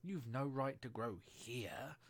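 A man's voice: mid-range voice, slow pace. A man voicing a sulky, sleepy dormouse in a storybook reading. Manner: grumbling and sulky.

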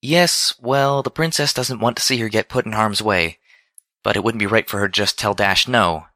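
A man's voice: fairly low pitch, moderate pace, pushed and bright, dry recording, studio quality, pitched above the performer's own voice. A man voicing a studious, earnest female pony leader who speaks firmly. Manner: earnest, firm, commanding.

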